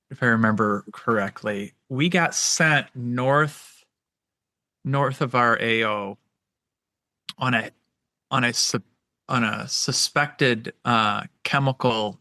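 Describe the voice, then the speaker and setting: A man in his forties hosting a veterans' interview, halting and searching for words as he asks questions. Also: mid-range voice, sharp tone, dry recording, studio quality. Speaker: podcast host, veteran. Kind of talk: casual interview.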